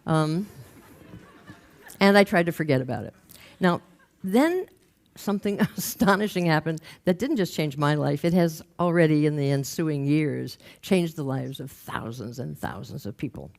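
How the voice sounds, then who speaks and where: A woman's voice: low-pitched, lively intonation, normal speed, vocal fry, a little mellow. An older woman telling a personal story in a wry, conversational way. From raised in Los Angeles. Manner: wry, conversational, acts out quoted voices. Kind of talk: storytelling talk.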